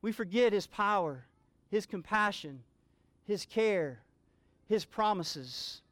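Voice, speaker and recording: A man's voice: high voice, lively intonation, slow, a bit bright, no echo. A man preaching a sermon, earnest and building to emphatic exclamations. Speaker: pastor.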